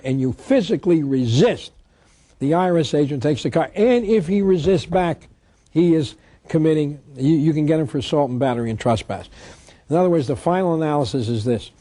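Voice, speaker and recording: An older man lectures with a fairly high but mellow voice. He argues insistently, reads legal text aloud and hammers his points home. The sound is dry and close, with no room echo. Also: fast. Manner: insistent, argumentative, repeats points for emphasis. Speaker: speaker on tax law. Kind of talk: lecture-style talk reading statutes aloud.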